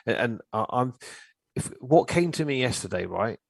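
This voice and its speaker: A middle-aged man telling stories in casual chat, animated and swearing freely. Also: medium pitch, moderate pace, vocal fry, no room sound. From England. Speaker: guest, therapist.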